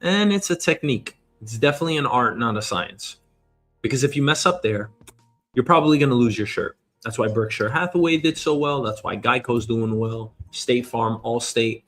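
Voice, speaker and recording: A man hosting a show, giving an energetic motivational monologue, emphatic and casually swearing. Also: medium pitch. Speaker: show host.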